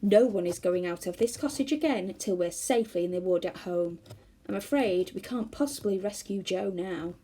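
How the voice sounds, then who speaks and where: A woman's voice: mid-range voice, normal speed, warm tone, breathy edge, close to an everyday voice. A woman reading a storybook aloud and voicing Moonface, a decisive, fussy male magic creature. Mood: firm. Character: bossy excitable male magic-tree creature.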